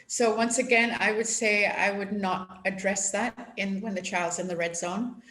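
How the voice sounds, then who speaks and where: A woman guest giving gentle, explanatory parenting advice in a conversational interview. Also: medium pitch, fairly even intonation, unhurried. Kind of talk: conversational advice on video call. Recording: echoey room with faint noise.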